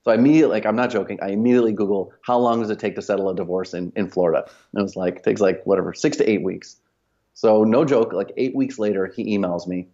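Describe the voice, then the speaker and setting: A man's voice: on the low side, fairly even intonation, fast talker, warm tone, muffled recording. A man, a company cofounder, telling a long anecdote casually as a podcast guest, full of fillers and quoted dialogue. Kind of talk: casual storytelling.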